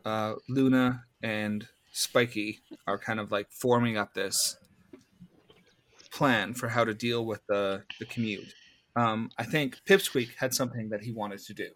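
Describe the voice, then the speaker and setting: A man running a tabletop game as game master, narrating slowly with many pauses and ums. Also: on the low side, steady tone, a bit bright. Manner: slow, halting, with many ums.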